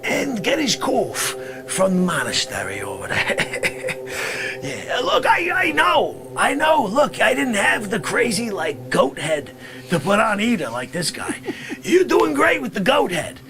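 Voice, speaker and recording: A man voicing a brash, grumbling middle-aged guy from the Bronx, rambling complaints and bursting into shouts. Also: high voice, wildly swooping pitch, a little slow, pitched above the performer's own voice, full character voice. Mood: shouting. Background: music.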